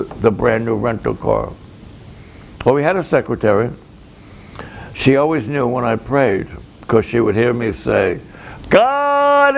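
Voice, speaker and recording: A man, a pastor, telling a story slowly and dramatically, acting out both sides of the conversations. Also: medium pitch, vocal fry, darkish tone. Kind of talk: storytelling sermon to camera.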